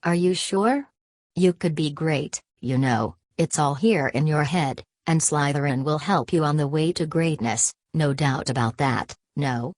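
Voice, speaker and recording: A woman voicing an old, wise male magic hat that speaks slowly and thoughtfully. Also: low voice, darkish tone, no echo. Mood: musing.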